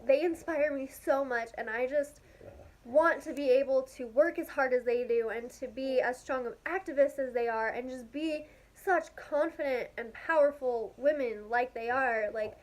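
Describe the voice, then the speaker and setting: A young woman with a high voice chats casually to her vlog audience. She gushes with excitement and peppers every sentence with "like". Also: normal speed. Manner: gushing, excitable, heavy use of "like". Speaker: vlogger. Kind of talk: casual storytelling to camera.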